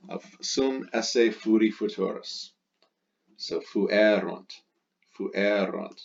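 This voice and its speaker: A man's voice: on the low side, takes it slowly, vocal fry, highs cut off. A man explaining a Latin exercise step by step as a teacher, patiently repeating the key words.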